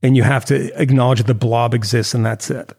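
A man co-hosting a podcast, talking in a rambling, animated way full of restarts and fillers. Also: mid-range voice, fairly quick, breathy edge. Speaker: podcast co-host. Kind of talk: casual chat.

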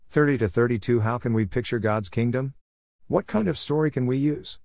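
A man reading the Bible aloud in a measured, steady delivery, announcing verse numbers as he goes. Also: mid-range voice, gravelly, no room sound, studio quality. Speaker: Bible reader.

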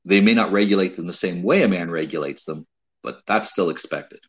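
A man hosting a casual advice talk, speaking in a measured way with frequent restarts and repeated words. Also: sits low, fairly bright tone, slightly rough, poor audio. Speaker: host giving dating advice.

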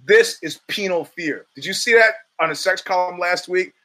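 Animated, rambling male podcast host. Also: sits high, moderate pace. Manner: rambling and animated, with many restarts and stammers. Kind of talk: casual monologue.

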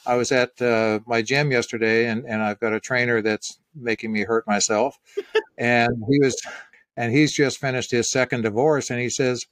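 A middle-aged man, speaking in a dry, close recording. He tells stories at an unhurried pace and reflects on them, with a laugh here and there. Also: medium pitch, level tone, fairly bright tone, dry recording. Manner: reflective, storytelling, easy laughs. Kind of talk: casual conversation.

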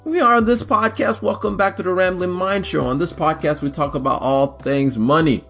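A man's voice: sits high, steady tone, moderate pace, a bit bright, faint music behind. A young man hosting a casual solo podcast, chatty and rambling. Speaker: podcast host.

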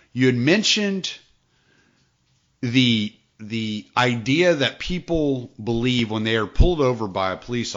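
A man hosting a podcast interview, asking relaxed questions with some halting and fillers. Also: fairly low pitch. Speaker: podcast host interviewing a guest. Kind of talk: casual interview. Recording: dull lo-fi sound.

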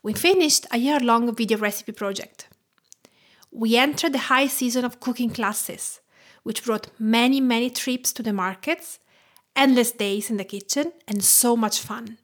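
A woman in her thirties from Tuscany with an Italian accent, hosting a food podcast in a warm, enthusiastic, scripted way. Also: fairly high pitch, measured pace. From Tuscany, Italy. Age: 30s. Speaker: podcast host, cooking teacher.

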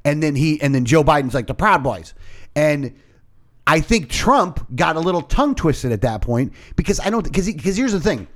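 At a normal speed and with a fairly high pitch, a man co-hosting a podcast rants about politics. His manner is loose, lively, and full of swearing.

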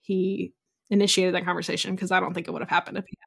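A young woman guests on a podcast, casually chatting and telling stories packed with "like" and "you know." She talks fast in a lowish, gravelly voice with a breathy edge and a flat delivery.

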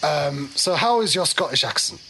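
Teasing game master. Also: male voice, on the high side, animated, creaky, sharp tone, a little hiss or hum. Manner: playful, teasing, halting with fillers. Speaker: game master and podcast host. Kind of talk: narrating a comedy tabletop game.

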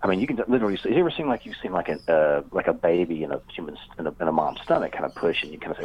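Racing with few pauses, a man with a low, expressive voice tells a meandering story in an interview. He's a guest author and paranormal researcher who leans on fillers and acts out quoted voices, and his dull lo-fi remote audio carries a little hiss or hum.

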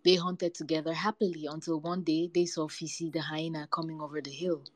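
A woman reading folktales aloud with a lively, varied storytelling delivery. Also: low-pitched, brisk, no room sound, low-quality recording.

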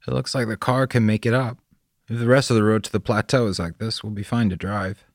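A man voicing a weary middle-aged father who speaks gently and reassuringly. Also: lowish voice, fairly even intonation, fairly quick, dry recording, studio quality, voice pushed up, natural voice.

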